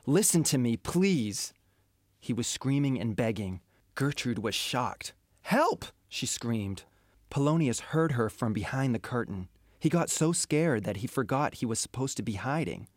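A man narrating a story in a steady storytelling manner. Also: mid-range voice, moderate pace, no room sound, studio quality.

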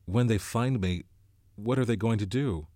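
A man's voice: lowish voice, normal speed, warm tone, no room sound, clean studio sound, natural voice. A man voicing a frightened teenage boy who is hunted and alone, speaking with urgent, anxious pleading.

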